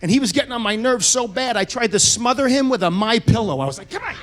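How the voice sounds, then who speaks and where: Brash high-voiced stand-up comic man. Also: expressive, quick pace, background noise. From United States. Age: middle-aged. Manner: brash, profane storytelling, shouting punchlines. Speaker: stand-up comedian. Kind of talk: stand-up comedy set. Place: comedy club stage.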